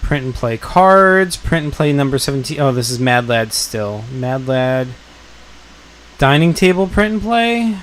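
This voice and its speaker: A man's voice: medium pitch, expressive, unhurried, a bit bright, slight background noise. A man hosting a casual live stream, rambling with many fillers as he reacts and reads chat. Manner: rambling, filler-heavy, enthusiastic. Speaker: streamer host.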